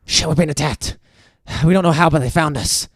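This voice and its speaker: A man's voice: fairly high pitch, a little fast, voice pushed up, natural voice. A man playing a panicked ship's crewman. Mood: alarmed. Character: panicked male ship's crewman under attack.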